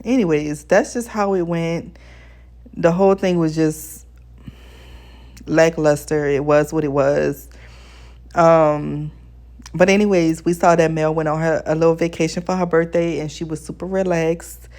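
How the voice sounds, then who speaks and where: Woman, lowish voice, blunt, ranting, casual vlog review. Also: fairly even intonation, unhurried, a little mellow. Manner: addresses viewers as besties. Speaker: TV show reviewer.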